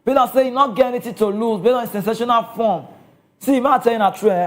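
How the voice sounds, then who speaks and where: A man's voice: sits high, quick pace. A man with a Nigerian accent giving casual football commentary, chatty and often checking in with his listeners.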